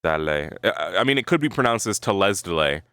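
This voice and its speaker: A man's voice: low-pitched, lively intonation, moderate pace, pushed and bright, clean tone, dry recording, clean studio sound. A male streamer chatting casually with his viewers, thinking aloud, swearing freely and tagging his sentences with "right?". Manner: rambling, swears freely, keeps adding "right?"; talks to his chat while thinking aloud. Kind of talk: casual live-stream chat.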